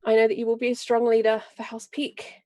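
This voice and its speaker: A woman voicing a proud, vengeful noble lady and mother, speaking in a grave, measured and forceful way during a tabletop role-play. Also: fairly high pitch, completely flat delivery, lightly acted. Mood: fierce, earnest. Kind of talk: in-character role-play speech.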